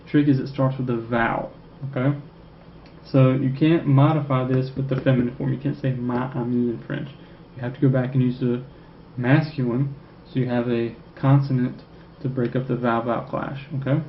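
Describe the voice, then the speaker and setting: A man's voice: mid-range voice, level tone. Man teaching French in an echoey room. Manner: checks in with "okay?" constantly, repeats French phrases slowly. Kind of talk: recorded classroom lecture. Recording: echoey room, dull lo-fi sound, faint noise.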